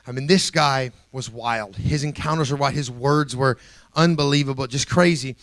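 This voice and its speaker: Animated man reminiscing, dry sound. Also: mid-range voice, normal speed, dry recording.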